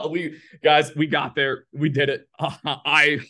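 A man's voice: a little high, level tone, extremely slow, pushed and bright. A man hosting a casual film podcast, rambling and joking, laughing often. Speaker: podcast host.

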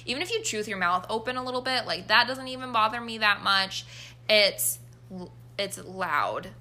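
A young woman co-hosting a casual chat, animated and quick to groan in mock disgust. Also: medium pitch. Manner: chatty, animated, exaggerated groans. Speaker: podcast co-host.

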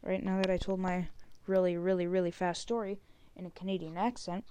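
A woman hosting a solo podcast in casual chat. She rambles, uses many fillers, and often trails off into soft, near-unvoiced asides. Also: fairly low pitch, little pitch movement, a little fast, slight background noise. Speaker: podcast host.

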